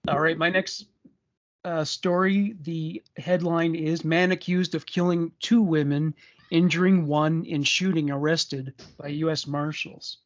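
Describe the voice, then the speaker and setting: A man's voice: fairly high pitch, steady tone, measured pace. Rambling man, dull lo-fi sound. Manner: rambling, many restarts. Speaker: podcast co-host. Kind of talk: casual true crime chat.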